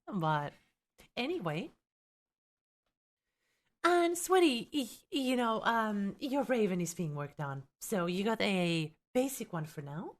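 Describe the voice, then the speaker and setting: Young woman streamer, light Finnish accent, lively, swooping delivery, chatty and teasing with her viewers. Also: mid-range voice. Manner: chatty, reacts to viewers, teasing, exasperated laughs. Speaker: streamer and tabletop game content creator. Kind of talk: live stream chat and rulebook reading.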